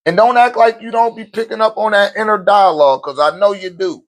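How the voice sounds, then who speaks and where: A man's voice: sits high, a little fast, few pauses. A man giving a blunt, profane, unscripted talk, addressing listeners directly with slang and laughing between points. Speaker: host of a spiritual talk channel. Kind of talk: unscripted preaching monologue.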